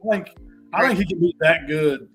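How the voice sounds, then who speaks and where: A laid-back man chats casually, his voice a little higher than most. He teases the others and sometimes stammers into his sentences. Faint music runs behind. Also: expressive, fairly quick, a bit bright, husky. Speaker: guest player. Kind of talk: casual chat.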